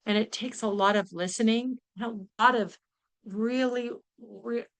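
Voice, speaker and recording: A woman's voice: a little high, steady tone, unhurried. Earnest woman. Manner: candid and earnest, with many ums and restarts. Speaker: speaker. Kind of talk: personal storytelling talk.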